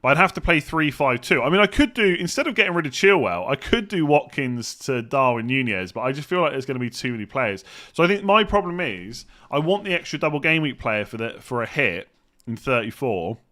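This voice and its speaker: A fantasy football streamer from England answers viewer questions on a live stream, thinking aloud in a casual, rambling way and humming as he reads. His voice is a little high, bright and forceful, animated and fairly quick.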